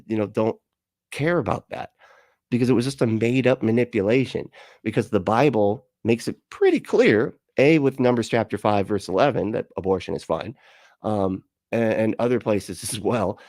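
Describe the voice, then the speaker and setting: A man with a fairly low voice rambles through casual commentary, reading chat aloud and reacting with profane sarcasm. He laughs often. The close mic is dry, with no room sound. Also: a little mellow, dry recording. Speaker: video commentator.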